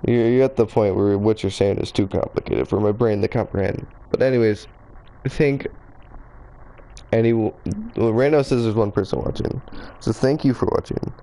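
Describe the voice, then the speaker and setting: A man's voice: lowish voice, steady tone, moderate pace, dark tone, rough recording. A man streaming a game live, chatting in a rambling, self-deprecating way to a few viewers.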